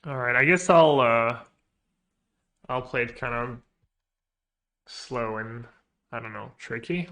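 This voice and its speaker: A man streaming a card game, thinking his moves through aloud and trailing off into quiet mutters, with joking asides to chat. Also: medium pitch, slow pace, long pauses. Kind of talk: thinking aloud while playing.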